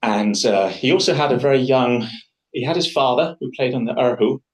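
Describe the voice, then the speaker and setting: A man's voice: mid-range voice, brisk, low-quality recording. A man leading a live public speaking workshop, talking to the group in a chatty, enthusiastic way with frequent restarts.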